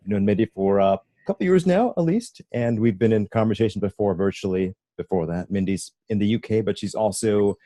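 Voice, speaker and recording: A man's voice: fairly low pitch, expressive, brisk, few pauses, mellow, dry recording. A man hosting a casual video-call interview, friendly and rambling, often restarting his sentences. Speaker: interview host.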